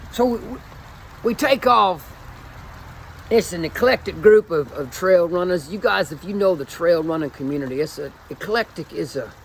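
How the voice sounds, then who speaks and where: A man's voice: a little high, vocal fry, a little hiss or hum, rough recording. A man in his forties, a fitness coach, telling a rambling, self-mocking story in a put-on Cajun accent. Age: 40s. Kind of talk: casual storytelling video.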